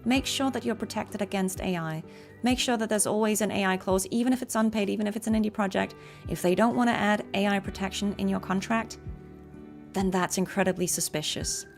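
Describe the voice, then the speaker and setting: A woman chats while she plays, giving sincere career advice broken by ums and small laughs. Her voice has a gravelly fry to it. Faint game music plays behind her. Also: mid-range voice, brisk. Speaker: voice actor and streamer. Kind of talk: casual chat while gaming.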